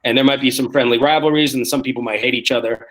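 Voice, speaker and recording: A man in his forties, a comedian guest telling rough, profane stories on a video call and acting out the quotes. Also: medium pitch, steady tone, fairly bright tone. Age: 40s. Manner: rapid, profane storytelling that acts out quotes. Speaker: guest, street performer and comedian. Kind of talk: casual podcast chat.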